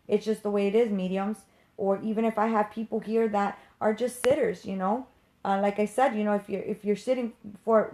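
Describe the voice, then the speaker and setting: A woman's voice: mid-range voice, darkish tone. A woman who works as a medium and teaches others, ranting to viewers in an unscripted live stream, passionate, blunt and emphatic, with casual swearing.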